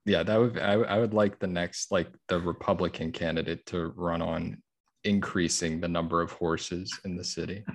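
Deep-voiced man, dry joking co-host. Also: steady tone, moderate pace. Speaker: podcast co-host. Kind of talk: casual chat.

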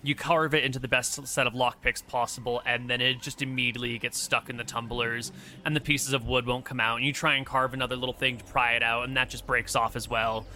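Over an online voice call, a man serves as game master for a tabletop game, narrating in a relaxed, joking way. His mid-range voice moves fairly quickly through long run-on sentences.

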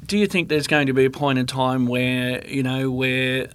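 A man's voice: mid-range voice, fairly even intonation, normal speed, fairly bright tone, smooth. A man hosting a podcast, asking long loose questions full of "you know". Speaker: podcast host. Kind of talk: casual conversational interview.

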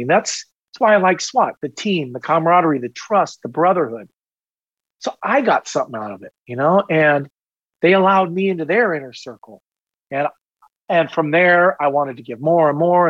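Energetic middle-aged man telling stories. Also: on the high side, dry recording, lo-fi sound. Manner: energetic, rambling, self-deprecating humor. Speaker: guest, retired police officer. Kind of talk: casual storytelling in a podcast interview.

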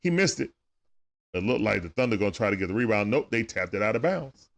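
A man's voice: fairly low pitch, very animated, fast, gravelly. A man with speech doing loose, chatty play-by-play on a livestream, talking back to players and viewers. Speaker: livestream game commentator. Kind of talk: casual play-by-play commentary.

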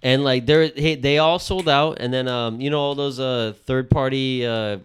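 A man's voice: mid-range voice, steady tone, moderate pace, smooth. A young adult man co-hosting a podcast in casual chat, rambling and swearing with lots of fillers. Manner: rambling, profane, filler-heavy. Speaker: podcast co-host.

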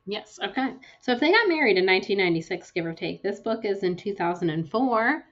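A young woman co-hosting a casual book podcast, retelling chapters in a chatty, lively way with lots of fillers. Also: mid-range voice, fast talker, highs cut off. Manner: chatty, animated storytelling with fillers. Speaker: podcast co-host.

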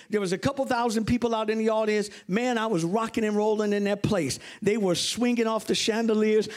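Middle-aged man, bishop preaching, very high voice, animated storytelling, sudden high exclamations. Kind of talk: sermon.

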